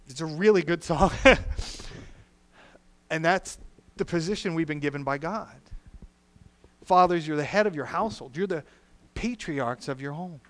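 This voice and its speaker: A male pastor preaching a sermon in a church, earnest, shifting from soft, quiet lines to loud, emphatic ones. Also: on the high side, unhurried. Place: church sanctuary.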